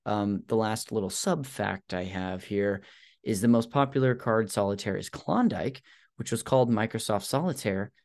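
Low-voiced hesitant man hosting a podcast. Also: expressive, normal speed, darkish tone. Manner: rambling, hesitant with many ums, self-deprecating. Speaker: podcast host. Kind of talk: casual podcast chat.

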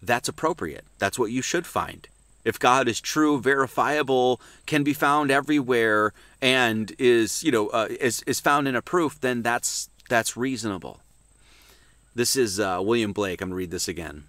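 Guy preaching at sunday service, mid pitch voice, pushes hard then drops quiet, keeps restarting. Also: expressive, moderate pace, no echo. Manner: emphatic, swings from loud to hushed, many restarts.

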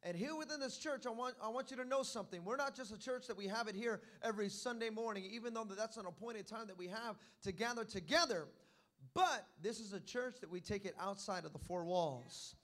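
A young pastor delivers a sermon in a church, his voice very high and bright. He tells stories, asks the congregation for amens and builds to loud, excited peaks. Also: fairly quick. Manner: storytelling preacher, calls for amens, builds to shouting climaxes.

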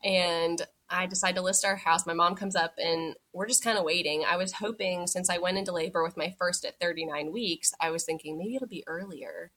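A young woman, a podcast guest, tells her birth story in a chatty, casual way, packed with "like" and acting out what she said back then. Her voice is fairly low and fairly bright, with fairly even intonation, a slightly fast pace, and hardly any pauses.

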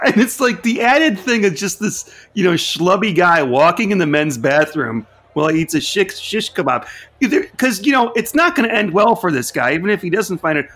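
A man who works as a lawyer, co-hosting a casual film podcast and retelling scenes with animated, laughing energy. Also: sits high, moderate pace.

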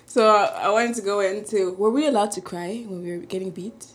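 A woman's voice: medium pitch, a little fast. A woman co-hosting a podcast in casual chat, introducing topics and agreeing with the others. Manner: leads topics, agreeable interjections. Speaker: podcast co-host.

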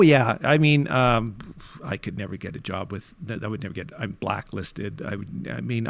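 A man from Canada, a youth worker, telling his story in a candid interview, animated and switching between hushed and forceful moments, with frequent restarts. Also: fairly low pitch, gravelly.

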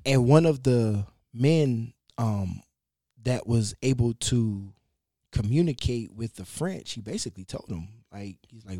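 A man spins a story in relaxed, slangy talk, cursing freely and often stopping to restart his sentences. His voice sits at an ordinary pitch for a man. The room is dry and close, with hardly any echo. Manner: loose and animated, with slang and cursing; halting, with frequent restarts. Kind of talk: casual conversational storytelling.

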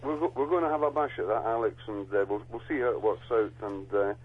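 A man's voice: mid-range voice, fast talker, slight background noise. An older man, an author guest on a radio show, talking in a casual, rambling way and stumbling over repeated words, heard over a phone line.

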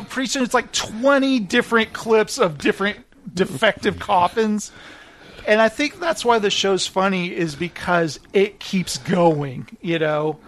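A man chatting casually as a podcast host, animated, laughing often and acting out quotes. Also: high voice. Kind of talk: casual chat.

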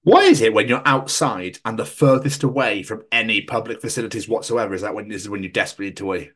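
A man co-hosting a podcast, chatting casually and telling crude, animated stories with voices thrown in. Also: lowish voice, fast. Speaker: podcast co-host. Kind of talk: casual banter.

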